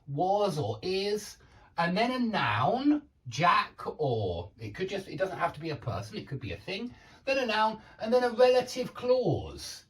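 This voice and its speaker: Male teacher, animated pitch, patient explainer, mic a little distant. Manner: patient, explanatory, checks in with "okay?" and "yeah?". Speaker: English grammar teacher. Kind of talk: online grammar lecture.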